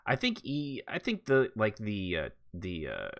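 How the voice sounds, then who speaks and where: A man's voice: lowish voice, huge pitch swings, unhurried, a bit bright. A man co-hosting a casual podcast about role-play gaming, talking in a rambling, stop-start way. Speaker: podcast co-host.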